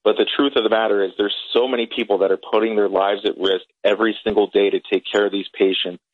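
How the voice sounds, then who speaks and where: A man's voice: on the low side, flat delivery, fast talker, slightly rough, no room sound. A man calling in as a critical care doctor, earnest and emotional. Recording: tinny phone line.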